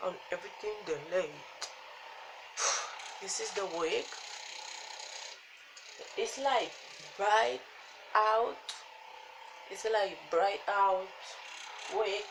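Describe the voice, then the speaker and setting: Woman wig vlogger, slow and exasperated, clear room noise underneath. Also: medium pitch. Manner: exasperated, sighing, slow rambling chatter. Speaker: wig reviewer. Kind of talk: casual product review. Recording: noticeable background ambience noise.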